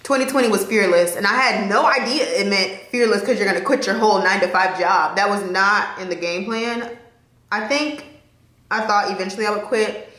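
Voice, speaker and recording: A woman's voice: medium pitch, a little fast, fairly bright tone, reverberant. Chatty, emotional young woman vlogger. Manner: candid, emotional, chatty with laughs. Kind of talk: casual talk to camera.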